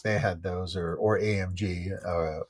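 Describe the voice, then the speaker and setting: A man co-hosting a casual car talk stream, chatty and quick to laugh. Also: low-pitched, steady tone. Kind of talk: casual chat.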